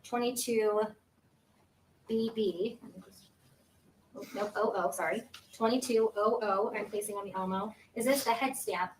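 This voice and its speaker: A woman's voice: mid-range voice, a little slow, slight background noise, poor audio. A woman prosecutor questioning a witness in a courtroom, formal and methodical as she goes through the exhibits. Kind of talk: courtroom examination.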